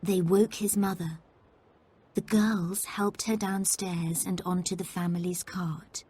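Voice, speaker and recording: A woman narrating a story for English learners, reading slowly and carefully. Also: on the low side, fairly even intonation, darkish tone. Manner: slow, careful, clear reading.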